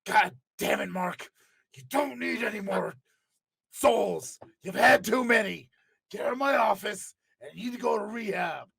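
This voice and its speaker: A man impersonating an angry older wrestling boss, shouting in exasperation with a strained throat. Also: sits high, measured pace, vocal fry, breathy edge, dry recording, studio quality, pitched above the performer's own voice, heavily acted. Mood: exasperated.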